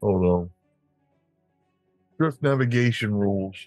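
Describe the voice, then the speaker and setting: Man, low voice, methodical, reading rules, faint music. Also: slow, a little mellow, no room sound. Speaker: player. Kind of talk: tabletop game table talk.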